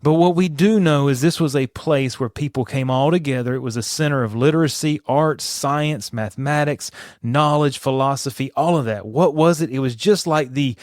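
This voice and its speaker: A man's voice: medium pitch, normal speed, no echo, clean studio sound. Earnest man teaching on a podcast. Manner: earnest, emphatic, asks listeners rhetorical questions. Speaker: podcast host and Bible teacher.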